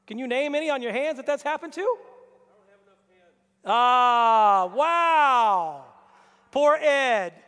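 A man preaching a lively sermon to his congregation, acting out Bible characters in put-on voices. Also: extremely high pitch, brisk, hardly any pauses. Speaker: pastor. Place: church hall. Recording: long reverb of a church hall.

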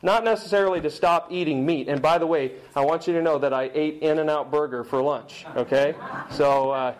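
A man's voice: on the high side, poor audio. Emphatic man preaching a sermon. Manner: emphatic, slows down to read scripture. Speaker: pastor.

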